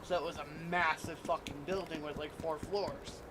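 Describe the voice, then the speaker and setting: A man's voice: on the high side, steady tone, normal speed, very noisy. A man in his thirties streaming a game, talking in a brash, profane, casual way. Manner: brash, profane, laughs at own stories. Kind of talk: casual chat while gaming. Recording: loud game gunfire over the voice.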